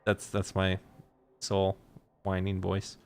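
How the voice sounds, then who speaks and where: A man hosts a casual esports talk show in a somewhat low voice. He talks in a laid-back way and fills his pauses with uh and um. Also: completely flat delivery, clear, resonant tone. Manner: lots of uh and um fillers, laid-back. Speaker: host.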